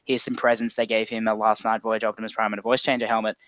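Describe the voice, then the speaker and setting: Australian co-host, dry close sound. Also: male voice, lowish voice, little pitch movement, fast talker, fairly bright tone, dry recording. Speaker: podcast co-host. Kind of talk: casual podcast chat.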